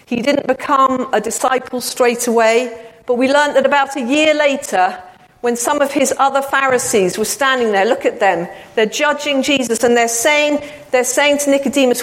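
A woman preaching a sermon, with a fairly high voice. She tells stories warmly and slows down to stress quoted lines. The sound carries a long reverb, as in a church hall. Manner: storytelling with slow emphatic quotes. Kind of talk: sermon storytelling.

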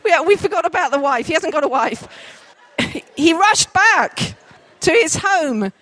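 A woman telling a story to a group, directing volunteers as they act it out, with lively, jokey asides. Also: very high-pitched, a little slow, no echo. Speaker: children's storyteller.

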